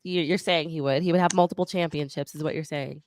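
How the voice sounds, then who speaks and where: A middle-aged woman co-hosting a casual sports podcast, animated and quick to question her co-hosts. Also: low-pitched, no echo. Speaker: podcast co-host. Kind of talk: casual chat.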